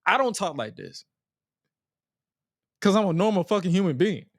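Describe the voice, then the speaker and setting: Podcast co-host, male, slightly higher pitch, dry close mic, blunt and profane. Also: expressive, normal speed, no echo. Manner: blunt, profane ranting with laughs. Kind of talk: casual chat.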